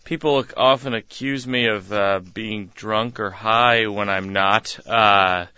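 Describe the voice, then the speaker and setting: A man's voice: fairly low pitch, steady tone, slow, pushed and bright, clear, resonant tone, no echo, lo-fi sound. A man from Massachusetts, a guest comedian on a radio interview, telling stories in a laid-back, rambling way with frequent chuckles. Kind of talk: casual interview storytelling.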